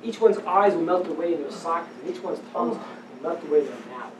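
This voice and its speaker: A man teaching as a rabbi, giving a lecture on religious texts to a live audience. He speaks with animated emphasis, dropping to hushed tones and then rising to loud declarations. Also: on the high side, quick pace, background noise. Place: event hall with audience. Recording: roomy, distant live-event recording.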